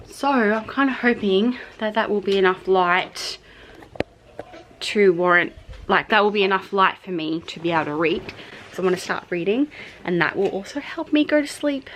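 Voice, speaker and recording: At night in her bedroom, an Australian woman in her thirties casually chats to her phone camera for a vlog, rambling with many fillers. Her mid-range voice is fairly bright, moves at normal speed with frequent pauses, and carries a little hiss or hum.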